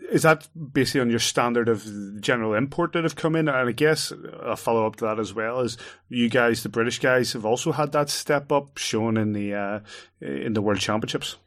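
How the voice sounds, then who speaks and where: A man hosting a podcast reads out listener questions in a middle-pitched voice. His delivery is chatty and trips over itself in quick restarts. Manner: chatty, stumbling restarts while reading fan questions. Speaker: podcast host. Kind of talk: casual podcast interview.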